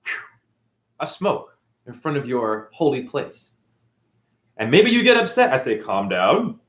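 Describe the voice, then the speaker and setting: A man's voice: medium pitch, big pitch swings, measured pace, fairly bright tone. Defiant preachy man in an echoey room. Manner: preachy, defiant, swearing, mocking asides. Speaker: spiritual teacher. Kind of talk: unscripted spiritual rant.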